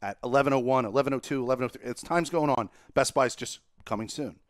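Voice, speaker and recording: A young man on a casual gaming podcast, spinning a profane, animated story. His voice climbs sharply when he gets exasperated. The sound is dry and close, with no room echo. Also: medium pitch, quick pace. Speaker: podcast host. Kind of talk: casual chat.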